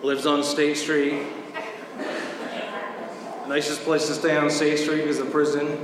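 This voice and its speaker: A man's voice: fairly high pitch, monotone, slow. A man roasting a friend at a birthday party, teasing crudely and laughing at his own jokes. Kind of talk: stand-up roast. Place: large echoing hall at a live party. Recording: echoey hall recording with background noise.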